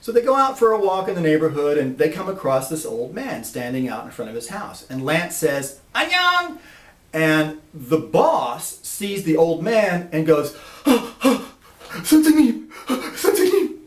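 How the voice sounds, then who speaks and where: Lively guy telling a story, bouncy pitch, sounds far off. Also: moderate pace, few pauses. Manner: animated, lively, acts out voices. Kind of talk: personal storytelling. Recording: echoey room from a distance.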